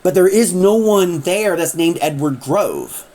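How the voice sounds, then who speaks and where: A woman's voice: on the low side, animated, measured pace, mellow. A woman casually retelling a story in a chatty way, acting out the characters as she goes.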